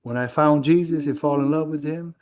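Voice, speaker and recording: A man's voice: on the high side, steady tone, brisk, darkish tone. A middle-aged male pastor preaching a sermon in a church, telling a personal story in a conversational way with quoted dialogue.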